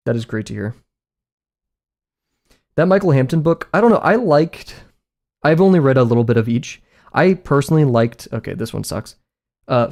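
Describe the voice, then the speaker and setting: A man's voice: mid-range voice, a little mellow. A young man chatting casually to his viewers while drawing on a live stream, rambling and poking fun at himself. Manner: rambling and self-mocking, talks to chat. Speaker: art streamer.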